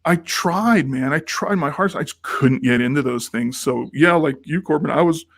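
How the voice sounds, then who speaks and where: With a gravelly, fairly high voice at normal speed, a man co-hosting a podcast rambles through a story in casual conversation, voicing the quoted lines of its characters. The sound is studio quality, with no room sound.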